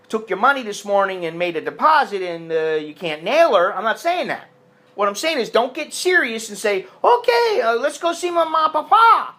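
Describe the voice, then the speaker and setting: A man's voice: high-pitched, bright, forceful tone. An American man giving crude, blunt advice in a casual monologue, slipping into mocking voices when he quotes people. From United States.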